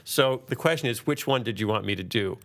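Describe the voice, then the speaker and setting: A man's voice: on the low side, a bit bright. Joking male podcast host. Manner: playful, jokey, quick to riff. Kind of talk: casual chat.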